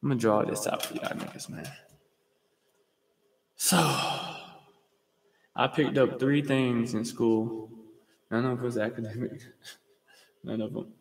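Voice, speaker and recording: Gravelly young man rambling, roomy echo. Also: mid-range voice, steady tone. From US state of Georgia. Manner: rambling, profane, slangy; fast talker. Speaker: livestream host. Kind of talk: casual storytelling monologue. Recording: roomy with long reverb.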